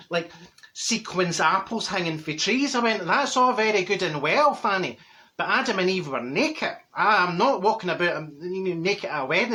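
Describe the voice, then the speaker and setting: A man's voice: high-pitched, sharp tone. A man playing a blunt Glaswegian auntie. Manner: chatty, blunt, laughs at own stories. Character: straight-talking gossipy middle-aged Glasgow woman. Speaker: comic character. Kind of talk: comic monologue to camera.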